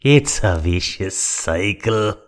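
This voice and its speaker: A man's voice: on the low side, animated, slow pace. A man doing an oversold impression of a crude, glum comedy-film character. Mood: mopey. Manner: oversold, hammy delivery.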